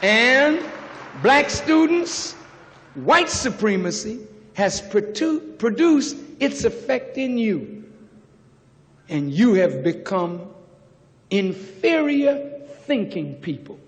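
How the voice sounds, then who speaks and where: A man preaches to a student audience in a very high, bright voice, taking his time and leaning hard on each phrase before surging into shouts. The archival recording rings with the long reverb of a university auditorium. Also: big pitch swings. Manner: preaching, rising to shouts, drawn-out emphasis. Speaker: minister addressing students. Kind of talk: impassioned lecture speech.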